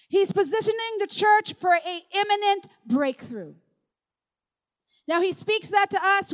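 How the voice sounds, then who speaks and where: A woman pastor preaching a sermon, emphatic and repetitive, building to declarations. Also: extremely high pitch.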